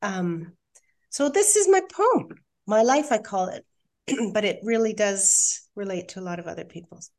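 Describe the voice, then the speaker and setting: A middle-aged woman, a podcast guest, telling a painful personal story with halting restarts, then reading her own poem. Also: medium pitch, lively intonation, darkish tone. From Australia. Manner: candid, emotional, halting with restarts. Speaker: guest, hypnotherapist and coach.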